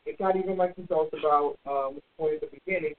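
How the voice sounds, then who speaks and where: High-voiced man chiming in, phone-thin. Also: steady tone, fast talker. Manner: agreeable, chiming in with short remarks. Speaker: podcast co-host. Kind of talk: casual chat. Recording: tinny phone-like audio.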